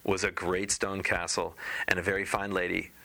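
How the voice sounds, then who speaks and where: Bright-voiced man reading a fairy tale. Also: deep voice, flat delivery, normal speed, gravelly. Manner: informal asides and skipping parts. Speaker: storyteller. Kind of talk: casual fairy-tale read-aloud.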